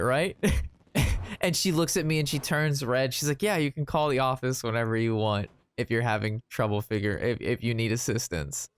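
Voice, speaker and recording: A man's voice: mid-range voice, moderate pace, clean tone. Rambling man telling a story while gaming. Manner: rambling, animated retelling with quoted voices. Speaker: gaming streamer. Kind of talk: casual gameplay commentary with storytelling.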